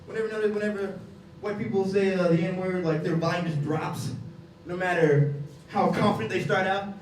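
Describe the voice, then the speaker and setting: A young comic works through an energetic stand-up routine, impersonating characters from his anecdotes in brief, high bursts. It's recorded from far off in a reverberant comedy club, and the crowd can be heard.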